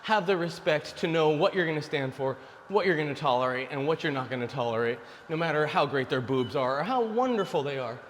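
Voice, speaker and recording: A man's voice: a little high, brisk, hardly any pauses, big-room sound, a little hiss or hum. A man in his forties giving blunt dating advice to male viewers in a casual, preachy monologue. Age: 40s. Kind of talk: casual direct-to-camera monologue.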